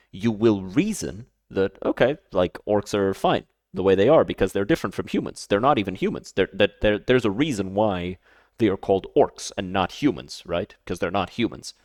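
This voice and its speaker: A man giving casual reaction commentary, emphatic and quick to repeat himself, often stumbling and restarting his phrases. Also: lowish voice, darkish tone, no echo, clean studio sound. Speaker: streamer reacting to a video.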